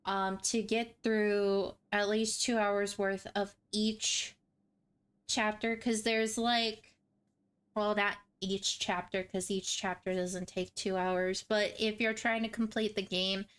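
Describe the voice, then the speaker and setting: Slow, smooth-voiced woman streamer. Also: medium pitch, little pitch movement, fairly bright tone. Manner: rambling, chatty, self-deprecating. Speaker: gaming walkthrough host. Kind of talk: casual game walkthrough intro.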